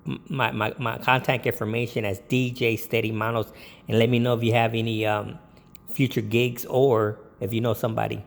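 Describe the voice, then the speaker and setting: A man DJ talks through his business tips in a loose, rambling way, often stopping on an um. His voice has a gravelly fry at mid pitch. A long reverb trails behind him. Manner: rambling, with many ums and jokey put-on quotes. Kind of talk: casual talk to camera.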